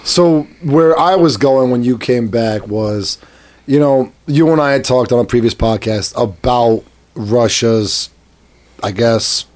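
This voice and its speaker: A man's voice: medium pitch, slow pace, darkish tone. Laughing, self-deprecating podcast man. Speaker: podcast co-host. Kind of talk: casual chat.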